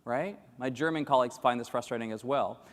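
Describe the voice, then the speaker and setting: A man giving an animated keynote talk to a live audience, quizzing the crowd and acting out quoted voices. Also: medium pitch, fairly quick. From grew up in Latin America. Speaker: keynote speaker. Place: large hall with live audience. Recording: echoey hall with long reverb.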